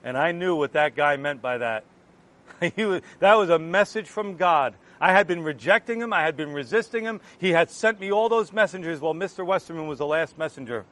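A man with a noticeably high voice shares his personal testimony. He tells it with earnest, animated energy, slipping into the voices of the people in his story as he goes. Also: a little fast. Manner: earnest, animated retelling that acts out remembered exchanges. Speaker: Christian giving a testimony.

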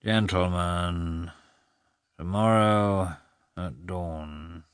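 A man doing a quiet, brooding landowner. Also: low-pitched, fairly even intonation, very slow, clear, resonant tone, no echo, studio quality. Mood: drowsy. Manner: quiet, muttering, introspective. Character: brooding, earnest landowner, weary.

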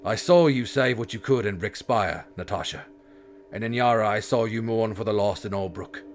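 A man voicing a weary, soft-spoken noble knight who speaks gently and sadly, with sighs. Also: lowish voice, moderate pace, lightly acted. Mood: solemn. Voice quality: sighing, gentle and solemn.

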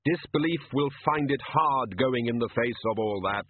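Guy doing death the skeleton, super slow and grave, husky, tinny phone-ish sound. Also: mid-range voice, pitched above the performer's own voice, natural voice. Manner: slow, measured pronouncements.

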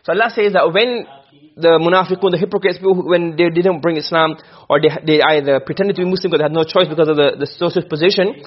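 Man, teacher, quick lesson, rhetorical questions, husky, muffled recording. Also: a little high, steady tone. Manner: asks and answers his own questions. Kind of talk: classroom lesson on Quranic rhetoric. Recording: dull lo-fi recording.

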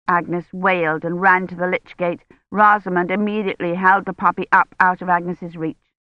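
Female audiobook narrator, measured delivery; dry, dulled studio recording. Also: on the low side, no echo, lo-fi sound. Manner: measured, steady reading with voiced characters.

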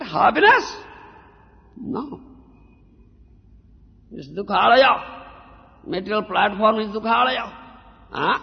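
Male preacher, high and gravelly voice, slow deliberate delivery, repeats phrases and checks in with his listeners. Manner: repeats words, keeps asking "huh?" and "you understand?". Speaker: spiritual teacher. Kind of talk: devotional sermon. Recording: lo-fi recording in a reverberant hall.

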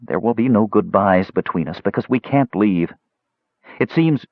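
A man voicing a tender but demanding young woman with a lifted, softened voice. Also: on the low side, animated, moderate pace, dry recording, muffled recording.

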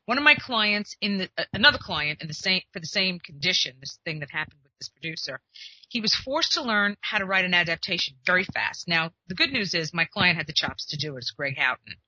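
A woman's voice: fairly low pitch, lively intonation, a little fast, bright, forceful tone, no echo, dull audio. A woman who works as a literary agent and hosts a show, giving chatty, emphatic advice and acting out the conversations she describes. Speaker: literary agent and podcast host. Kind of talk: casual advice monologue.

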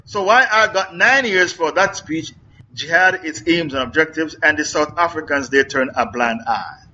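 A man's voice: on the high side, normal speed, bright, forceful tone, lo-fi sound, slight background noise. A middle-aged man preaching in a question-and-answer lecture, emphatic and repetitive, firing off rhetorical questions.

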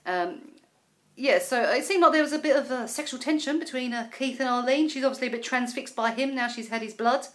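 A woman's voice: high voice, brisk, fairly bright tone. A woman co-hosting a casual chat, recapping a TV episode, swearing casually and laughing often. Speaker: podcast co-host.

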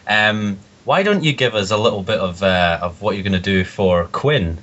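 Deep-voiced man hosting a podcast. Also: moderate pace, fairly bright tone. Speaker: podcast host. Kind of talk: casual podcast chat. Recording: lo-fi muffled recording.

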